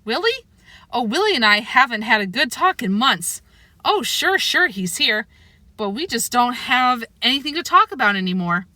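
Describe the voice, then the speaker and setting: Lonely old man, slow and wistful; woman reader voices him. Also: on the high side, sing-song, pushed and bright, no echo. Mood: sad. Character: old poor lonely man in nursing home.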